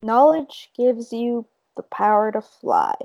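A woman's voice: fairly high pitch, big pitch swings, slow, gravelly, warm tone, lo-fi sound. A woman co-hosting a casual podcast chat, thinking aloud with many fillers and restarts. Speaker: podcast co-host.

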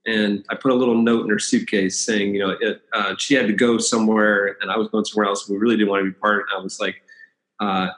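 A man's voice: on the low side, fast. Man in his fifties telling a rambling story, roomy echo. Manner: rambling, self-correcting, lively storyteller. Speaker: podcast guest. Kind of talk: storytelling in conversation.

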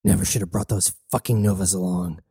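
A man reads a ruthless male mercenary commander in a very dark, mellow voice. He barks curt, profane orders. The sound is dry and close. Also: sits low, steady tone, a little fast, husky, no room sound, pitched below the performer's own voice. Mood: gruff.

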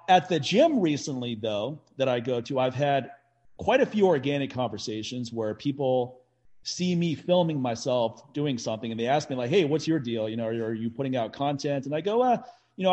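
A man talking in a casual chat, telling animated stories, laughing often and swearing freely. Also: mid-range voice.

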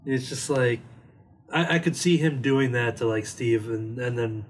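A man's voice: mid-range voice, unhurried. A man chatting casually about movies on a podcast, rambling with lots of "like" fillers. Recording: distant mic with faint noise.

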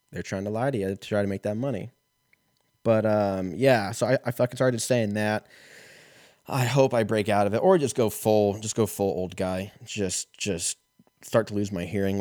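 Low-voiced man ranting on a podcast. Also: a little mellow, no room sound, clean studio sound. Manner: profane, rambling, self-mocking. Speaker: podcast host. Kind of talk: casual comedic monologue.

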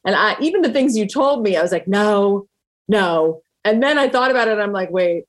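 A woman's voice: a little high, animated, very fast. A woman hosting a casual interview, asking questions and sharing her own skepticism with laughing asides. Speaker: interview host.

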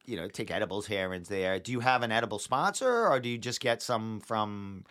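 A man's voice: on the low side, animated, a little fast, a bit bright. A man with a Rhode Island accent hosting a podcast, joking in casual banter. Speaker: podcast host. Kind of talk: casual chat.

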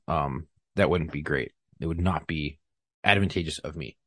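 A man with a low, husky voice tells a story in a loose, profane way, acting out each line people said. The sound is dry and close to the mic. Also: normal speed, no echo. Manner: profane, animated retelling with acted-out quotes. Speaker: podcast guest. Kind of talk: casual storytelling.

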